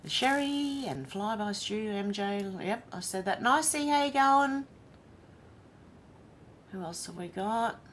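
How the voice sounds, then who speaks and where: A woman's voice: mid-range voice, expressive, slow pace, fairly bright tone, a little hiss or hum. An Australian woman hosting a casual livestream, chatting and reading viewer comments aloud one by one. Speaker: livestream host.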